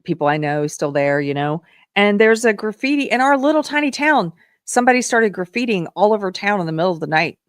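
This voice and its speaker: A woman from South Carolina hosting a live political commentary show, talking in a sarcastic, emphatic way and quick to scoff. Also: medium pitch, big pitch swings, no echo, clean studio sound. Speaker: show host.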